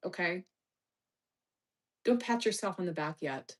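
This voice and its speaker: A woman's voice: lowish voice, expressive, measured pace. Bossy, teasing woman streamer. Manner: swears, distracted and muttering. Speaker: livestream host reading chat. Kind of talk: casual live-stream chat.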